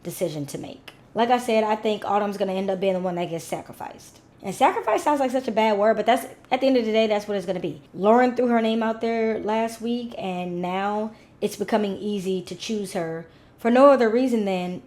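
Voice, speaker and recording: A woman's voice: mid-range voice, a little fast, darkish tone. A young woman chatting casually as a recap vlogger, rambling with asides to her viewers.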